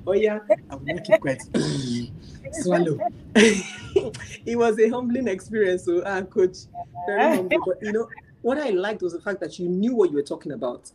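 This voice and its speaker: A woman guest sharing her parenting experience in casual chat, telling animated stories, acting out dialogue and laughing often. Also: mid-range voice, moderate pace, rough recording.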